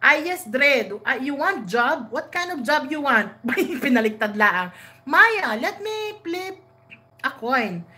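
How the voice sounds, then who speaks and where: A woman's voice: high voice, big pitch swings, slow, bright, forceful tone. A woman with a Filipino accent, hosting a playful live stream, laughing often and switching between English and Tagalog. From Philippines. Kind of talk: casual live-stream chat.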